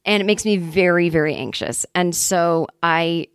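A woman's voice: fairly low pitch, moderate pace, clear, resonant tone, no room sound, studio quality. A woman hosting a comedy podcast, telling a rambling, self-deprecating story and speaking openly about her anxiety in a casual way.

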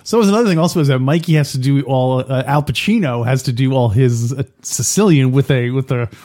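A man's voice: mid-range voice, fast, mellow. A man hosting a casual podcast, thinking aloud with restarts and chuckles. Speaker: podcast host. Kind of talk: casual chat.

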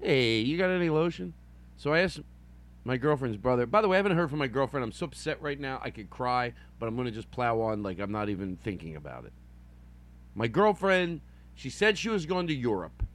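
A middle-aged male podcast host with a lively, bouncing voice that swings up and down. He rambles, makes fun of himself and drops into silly voices. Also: medium pitch, brisk. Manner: meandering, self-mocking, playful silly voices. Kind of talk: rambling improvised solo podcast.

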